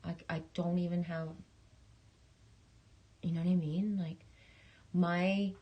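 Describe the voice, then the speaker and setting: A woman chats on her livestream in a level, narrow-pitched voice that barely rises or falls. She rambles and restarts her sentences, swears now and then, and speaks affectionately to her viewers. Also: flat delivery, slow. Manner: affectionate, talking straight to viewers. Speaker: livestream host. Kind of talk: casual livestream chat reading viewer messages.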